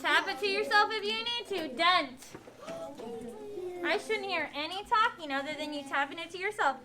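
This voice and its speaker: A woman teacher with a North Missouri accent. She gives children firm, clear, step-by-step spelling directions in a classroom. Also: extremely high pitch, fast talker. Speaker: elementary school teacher. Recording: classroom recording with background noise.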